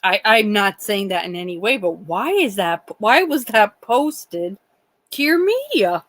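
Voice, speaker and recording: A woman's voice: mid-range voice, sing-song, a little slow, a bit bright, no echo, rough recording. A woman hosting a true crime livestream, talking in a rambling, indignant way with many restarts and some swearing. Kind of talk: casual livestream chat.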